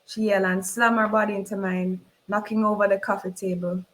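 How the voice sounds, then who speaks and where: A woman with a Jamaican accent reading a novel aloud in first person, expressive and dramatic. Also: mid-range voice, a little fast, low-quality recording. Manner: expressive, voices the characters in dialogue. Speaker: reader.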